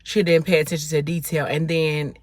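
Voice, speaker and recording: A woman's voice: deep voice, level tone, fairly quick, dry recording. A woman vlogger casually retelling a book's plot while eating in her car, chatting with lots of fillers. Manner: chatty storytelling with many fillers. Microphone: phone.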